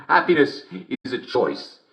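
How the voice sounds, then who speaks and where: A chuckling English radio joke-show host. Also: male voice, medium pitch, vocal fry, fairly bright tone, full character voice. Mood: cheerful. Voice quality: constant chuckling, theatrical cheer. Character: jovial radio show host, male middle-aged, relentlessly cheerful. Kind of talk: game character radio broadcast. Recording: game dialogue recording.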